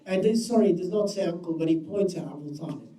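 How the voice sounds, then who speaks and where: A man giving a religious storytelling lecture, animated and acting out the quotes, recorded from a distant mic in a roomy space. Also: sits high, quick pace. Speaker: Islamic lecturer.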